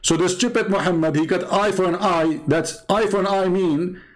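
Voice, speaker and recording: A man's voice: high-pitched, steady tone, moderate pace. A man hosting a livestream, talking in a mocking, emphatic, sarcastic way. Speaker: host. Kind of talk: livestream commentary.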